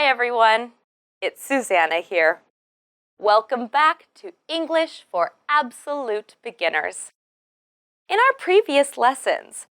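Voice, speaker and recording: Very slow, lively-voiced woman teaching English. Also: fairly high pitch. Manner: clear, patient, repeats words syllable by syllable. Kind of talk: slow pronunciation drill for beginners.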